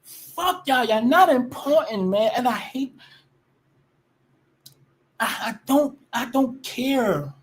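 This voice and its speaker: A woman's voice: fairly high pitch, expressive, takes it slowly, long pauses. A woman ranting casually to her viewers, blunt and profane, often restarting her sentences. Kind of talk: casual rant to camera.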